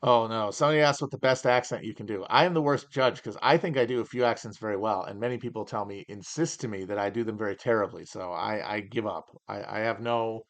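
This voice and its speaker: Talking quickly with few pauses, a man with a fairly low voice hosts a livestream Q&A chat from the upper Midwest region he calls home. As a podcast host, he comes across as rambling, wry, and opinionated, frequently starting over mid-thought.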